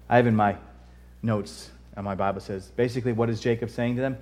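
A man's voice: mid-range voice, brisk. A man preaching a sermon, reading scripture and acting out the quoted lines with rising force. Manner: animated, acts out quotes in raised voice.

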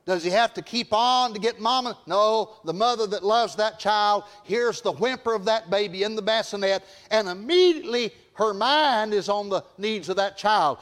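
A man preaching an evening sermon to a congregation in a folksy, emphatic way, repeating phrases and rising to shouts. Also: high-pitched, moderate pace, hardly any pauses. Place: church service before a congregation.

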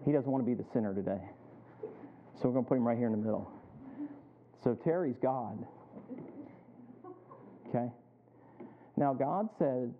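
A man's voice: medium pitch, normal speed, pauses often, slight background noise. A man preaching a sermon as pastor, often asking the congregation to finish his sentences. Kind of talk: sermon with call-and-response questions. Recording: thin phone-like sound.

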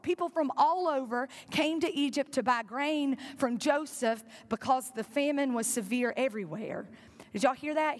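A woman preaching a sermon, retelling a story with earnest directness and asking her congregation questions. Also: sits high. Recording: long reverb in a large hall.

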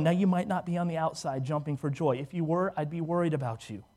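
A man preaching a sermon, animated, often acting out the voices of the people he quotes. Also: fairly high pitch, quick pace, hardly any pauses. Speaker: pastor.

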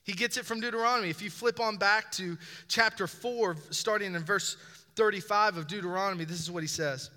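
A man's voice: high voice, a little fast, bright, forceful tone. A man preaching a sermon as pastor, building emphasis with repeated phrases and direct appeals to his listeners. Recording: reverberant hall.

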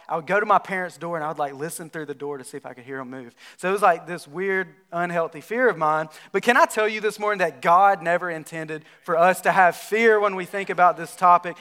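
A man, a pastor from North Alabama, preaching a sermon in a relaxed, conversational storytelling way. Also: high-pitched, clear, resonant tone.

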